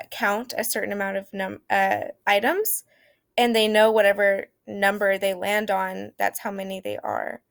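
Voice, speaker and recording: A woman's voice: mid-range voice, gravelly, dry recording, clean studio sound. A young woman teacher from Oklahoma explaining early math ideas in a casual, hesitant way, with many fillers. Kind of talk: informal lesson on early math.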